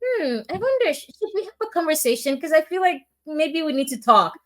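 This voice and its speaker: A woman quoting a female colleague in a lighter, higher voice, sounding direct but polite. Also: very animated, fairly quick, fairly bright tone. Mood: concerned.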